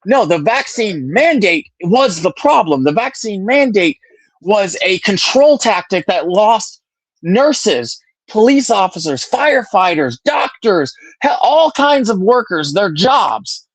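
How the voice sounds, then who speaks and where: A young man arguing politics heatedly on a live stream, insistent and quick to repeat his points. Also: sits high, sing-song, no echo, poor audio.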